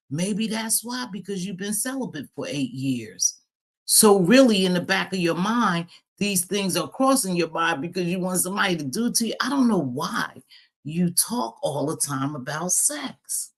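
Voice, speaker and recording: A woman hosting a casual live chat stream, speaking bluntly and profanely, laughing often and greeting viewers as she talks. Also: lowish voice. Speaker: livestream host.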